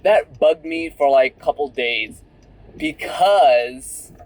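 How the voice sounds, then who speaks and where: A young male vlogger chats candidly while driving, leaning on fillers like "like" and "right?". His voice is on the high side, expressive, slow and a little mellow, though the audio is poor.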